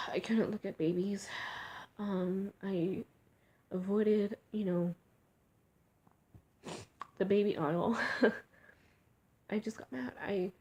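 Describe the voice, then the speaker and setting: A young woman talking in a personal vlog, emotional and halting, often trailing off into near-whispers. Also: mid-range voice, mellow, husky. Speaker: vlogger.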